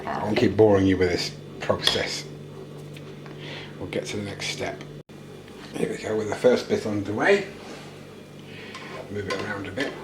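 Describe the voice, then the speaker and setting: In his home kitchen, a British vlogger cooks and chats casually to the camera, cracking self-deprecating jokes along the way. His voice is on the low side, at a moderate pace with long pauses, and the recording sounds roomy with background noise.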